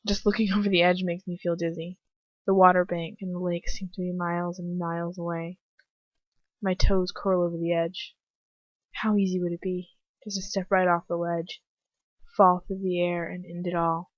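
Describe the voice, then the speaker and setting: A woman's voice: on the low side, no room sound. A young woman reading first-person fan fiction aloud at home, breaking off now and then to comment on the text. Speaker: fanfiction reader. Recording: dry, dull home recording.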